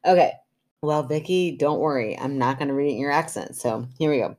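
A woman's voice: sits low, brisk, a little mellow. An American woman co-hosting a casual podcast, chatting and laughing, and reading a listener's story aloud with her own asides. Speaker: podcast co-host.

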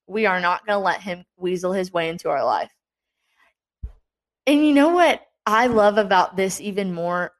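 A young woman giving a casual Christian devotional talk, earnest and chatty, encouraging her listeners with playful asides. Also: mid-range voice.

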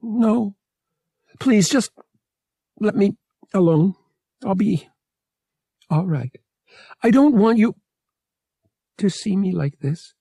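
A woman's voice: medium pitch, expressive, takes it slowly, creaky, pauses often, warm tone, breathy edge, no echo, voice pushed up, heavily acted. A man voicing a tearful young woman in withdrawal, sniffling and pleading.

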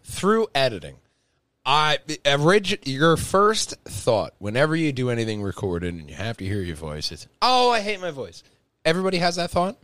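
Lively, bright-voiced podcast host. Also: male voice, mid-range voice, normal speed, no echo. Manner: animated, swears freely, loud bursts when excited. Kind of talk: casual podcast chat.

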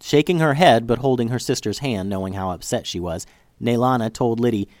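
A man reading a children's story aloud in an expressive, animated way. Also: mid-range voice, brisk, no room sound, studio quality.

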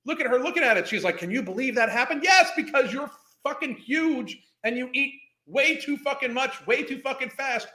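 In an echoey room, a reaction-show host swears constantly and mocks a clip angrily in a profane rant. His extremely high, pushed, bright voice moves at a moderate pace with few pauses.

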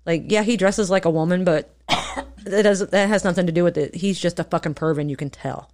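A woman's voice: fairly low pitch, a little fast, darkish tone. A woman co-hosting a casual chat, blunt and profane, often laughing. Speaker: podcast co-host.

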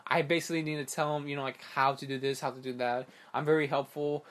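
A young man vlogging casually about crypto, animated and exasperated, rambling with many restarts. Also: on the high side, fast talker. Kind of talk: casual ranting monologue.

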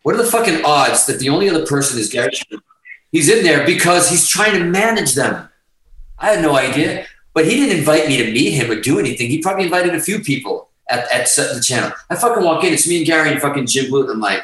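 A man's voice: mid-range voice, expressive, fast, a bit bright, echoey room, distant mic, low-quality recording. A middle-aged man, telling rambling, profane stories in a casual chat as a musician guest.

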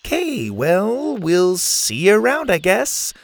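A blunt, confident young girl camper speaks straight to the point, as a male narrator puts her on. The voice is lifted high above his own. The storybook reading sounds close and dry. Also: wildly swooping pitch, slow, creaky, no room sound, heavily acted. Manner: blunt and direct.

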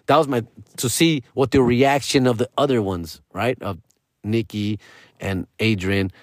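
A man ranting in casual, profane slang and dropping Spanish phrases, his pitch jumping up and down as he talks. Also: steady tone, a little slow, no echo, studio quality. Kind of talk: casual rant.

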